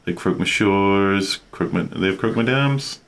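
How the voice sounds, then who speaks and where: An easygoing man co-hosting a relaxed chat. His voice is very deep, and he often answers with short agreeing words. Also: normal speed, slight background noise. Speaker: podcast co-host. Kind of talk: casual chat.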